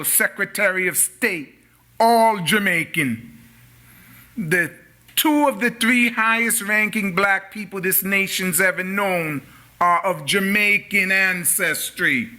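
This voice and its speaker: A man's voice: high voice, bright, forceful tone. An older man preaching a sermon as a minister, telling stories and calling out questions to his congregation in a church sanctuary. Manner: storytelling preacher, calls out to the congregation.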